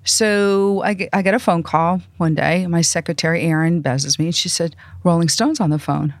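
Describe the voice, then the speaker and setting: A middle-aged woman from New York, a podcast guest telling animated stories and acting out the voices of people she quotes. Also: lowish voice, moderate pace, dry recording, studio quality. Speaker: interview guest. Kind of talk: casual storytelling.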